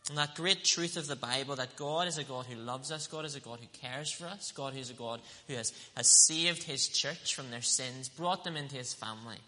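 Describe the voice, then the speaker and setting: A man preaching a sermon, earnest and emphatic, slowing down to stress scripture quotes. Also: mid-range voice, bright, forceful tone, in a large hall.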